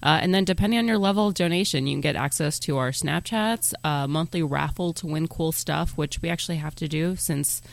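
A man's voice: fairly high pitch, fairly quick, vocal fry, hardly any pauses. A man hosting a podcast, chatting casually and plugging the show between jokes. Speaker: podcast host.

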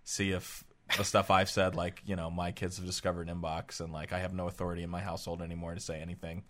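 Podcast host guy, lowish voice, rambly casual chat full of "like" and "you know". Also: flat delivery, fast, a bit bright, a little hiss or hum. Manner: rambling, with lots of fillers and mock-stern quotes.

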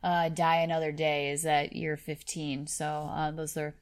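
A woman's voice: sits low, level tone, measured pace. A woman in her thirties co-hosting a casual film chat, hesitant and full of fillers.

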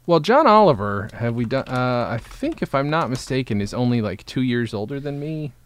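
Animated, playful podcast co-host man. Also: medium pitch, moderate pace, no echo. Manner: rambling, self-mocking, playful put-on voices. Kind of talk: casual comedic chat.

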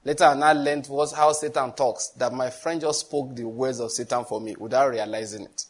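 Speaking at a normal pace in a steady, medium-pitched voice with some breathiness, a middle-aged pastor shares a heartfelt testimony about prayer. He tells it as a story, chuckling and repeating himself along the way.

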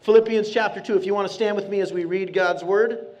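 A man preaching a sermon to his congregation in a church, talking in an earnest, conversational way and slowing down hard on key phrases. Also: high-pitched, fairly even intonation, a little mellow. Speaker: pastor. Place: church sanctuary.

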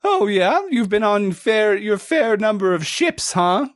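A man voicing a gruff, boastful female otter shipwright with thick glasses in a tabletop game, talking in a brash, crude way. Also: high voice, big pitch swings, measured pace, pitched above the performer's own voice.

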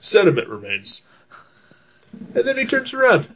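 A man's voice: high voice, huge pitch swings, normal speed, bright, forceful tone, a little hiss or hum. A young man telling a long story on a casual talk show, rambling with many fillers, laughing often and swearing freely. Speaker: podcast co-host telling a story. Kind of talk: casual chat.

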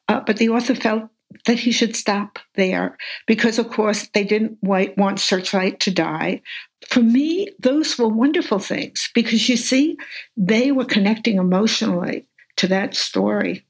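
A woman's voice: fairly high pitch, measured pace, husky. Enthusiastic older woman teacher. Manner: animated storyteller, enthusiastic. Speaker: veteran reading teacher, guest. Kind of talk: conversational interview.

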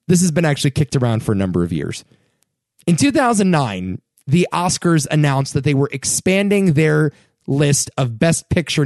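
A young man hosts his own podcast, his fairly high voice leaping up and down as he rants. The sound is dry and close, with no room around him. He talks in a loose, animated way, his pitch climbing when he gets worked up. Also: no room sound. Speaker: podcast host. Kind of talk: casual solo podcast commentary.

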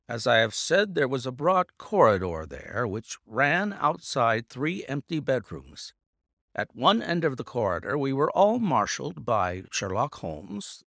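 Lively, gravelly male storyteller. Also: mid-range voice, no echo, clean studio sound. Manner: measured, theatrical storytelling. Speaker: audiobook reader. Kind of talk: scripted narration.

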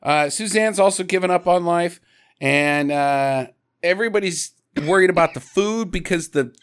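A man's voice: sits high, normal speed, a bit bright, clear, resonant tone. A man co-hosting a podcast, recapping a movie in casual, jokey chat and mimicking the characters. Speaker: podcast co-host.

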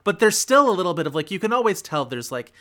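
A man's voice: high voice, sing-song, quick pace, bright, forceful tone. A man hosting a film podcast in casual chat, talking loosely with lots of fillers and easy laughs. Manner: chatty, lots of "like", laughs easily. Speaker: podcast host.

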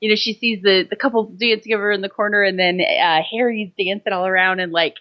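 A woman co-hosting a podcast, enthusiastically describing film moments in quick bursts with laughs. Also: medium pitch, fairly even intonation, bright, forceful tone. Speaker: podcast co-host. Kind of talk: casual film discussion.

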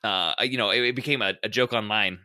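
A man's voice: fairly low pitch, fast, sharp tone, no echo, clean studio sound. A man hosting a casual film discussion podcast, chatty and full of trivia, with plenty of fillers. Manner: chatty, sharing trivia with frequent fillers and laughs. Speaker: podcast host.

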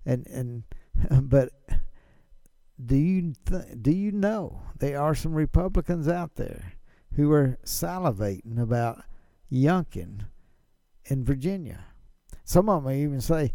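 Gravelly man hosting political commentary. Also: medium pitch, expressive, slow, dark tone, dry recording. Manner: chatty, rhetorical questions, chuckling. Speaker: podcast host.

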